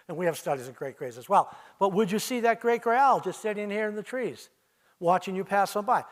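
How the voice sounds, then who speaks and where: An older man with a fairly high voice gives a presentation in an auditorium. He speaks to the audience as "you," pulling them into little stories. Every so often he breaks into imitations of owl calls. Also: lively intonation, fairly quick. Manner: storytelling, addresses listeners as you, mimics owl calls. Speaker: owl researcher giving a festival talk. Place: arts center auditorium.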